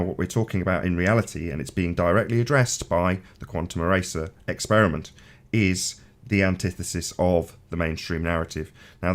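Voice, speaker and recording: A man hosting a live online panel discussion, talking in an earnest, lecturing way. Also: low-pitched. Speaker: host of a live panel show.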